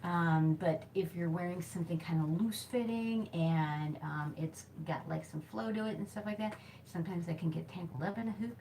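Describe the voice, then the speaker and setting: Woman filming a hoop lesson in a tiny room, kinda low voice, giggly and rambling, slight background hiss. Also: moderate pace, warm tone, rough recording. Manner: chatty, giggly, self-deprecating with many fillers. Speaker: hoop fitness instructor. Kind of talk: casual instructional video. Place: small temporary office space by a back door. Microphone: camera mic, moving around while hooping.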